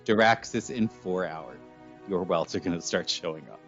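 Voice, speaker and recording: A man's voice: sits low, normal speed, fairly bright tone. Man running a tabletop game. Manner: hesitant, filler-heavy rulings. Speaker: game master. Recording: dull lo-fi stream audio with faint music.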